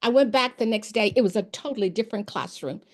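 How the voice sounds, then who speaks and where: A former principal and education expert, this woman talks fast in a slightly high voice. She tells classroom stories in a casual interview, animatedly acting out the dialogue.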